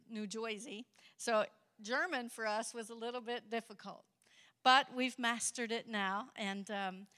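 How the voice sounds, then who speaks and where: A woman addresses a church congregation as a visiting missionary. Her voice is bright and sits a little high, and her delivery is upbeat and chatty. The recording has the long, ringing reverb of a church hall. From Kentucky. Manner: upbeat, chatty, laughs often. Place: church sanctuary.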